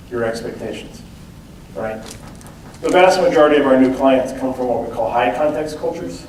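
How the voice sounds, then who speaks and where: Speaking in a mid-range voice, a male lecturer delivers a conversational talk about cultural differences at an event hall. He keeps asking the audience "okay?" and "right?", and the distant microphone picks up a roomy sound plus slight hiss or hum.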